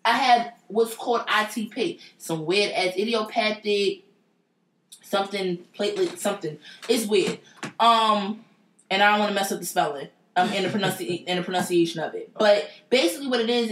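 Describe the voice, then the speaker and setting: A woman telling a personal story in a blunt, profane and emphatic casual way. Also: mid-range voice. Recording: roomy echo.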